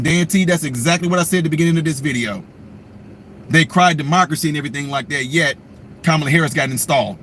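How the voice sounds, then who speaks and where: A man's voice: fairly high pitch, fast, fairly bright tone, a little hiss or hum. A man hosting a livestream commentary, rambling and sarcastic in a slangy style. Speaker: commentary channel host.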